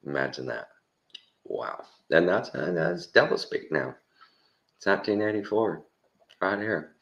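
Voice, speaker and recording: A man with a Texan accent and an extremely deep, low voice talks through a casual opinion monologue. He rambles and chuckles, and he repeats words to hammer a point home. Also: lively intonation, measured pace, vocal fry, pauses often, a bit bright. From Texas. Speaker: commentary host.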